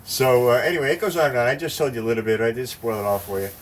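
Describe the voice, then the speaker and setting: A man's voice: medium pitch, animated, rapid-fire, recorded from a distance, a little hiss or hum. A man chatting casually and retelling a rap video he enjoys, acting out its lines with gusto. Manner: retells a rap battle, acting out lines with rising, louder delivery. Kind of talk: casual chat.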